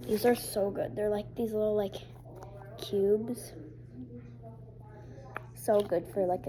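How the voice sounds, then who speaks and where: This vlogger, a young woman, takes it slowly with long pauses, her voice medium in pitch. She's doing a relaxed show-and-tell at home, filling her talk with fillers while TV chatter plays in the background.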